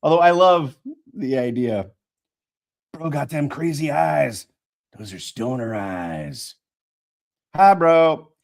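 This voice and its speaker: A man's voice: on the high side, lively intonation, slow pace, creaky, pauses often, a little mellow. A man in his fifties from the American Midwest, reading an audiobook live, retaking lines and chatting with his viewers. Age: 50s. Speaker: audiobook narrator and livestream host.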